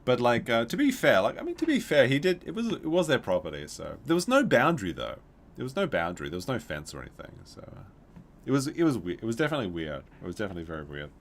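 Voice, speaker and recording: A man's voice: medium pitch, fast, slight background noise. Guy streaming a dino game and rambling through a story, voice bouncing all over the place. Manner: rambling, animated, with many restarts. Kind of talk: casual livestream storytelling.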